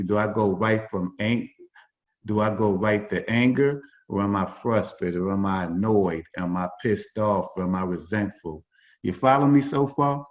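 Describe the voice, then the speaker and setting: A man facilitating a workshop over a video call, talking informally with many fillers and restarts. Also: fairly low pitch. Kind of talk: conversational workshop talk. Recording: dull lo-fi video call audio.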